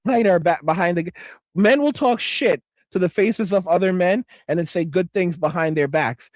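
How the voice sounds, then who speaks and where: A middle-aged man with a high-pitched voice hosts a loose livestream, swearing freely and circling back over his own phrases. He reads viewer comments aloud in a casual, rambling way. The sound is dry and close, with no room around it. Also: darkish tone, no room sound. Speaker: livestream host reading chat. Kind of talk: casual profane livestream chat.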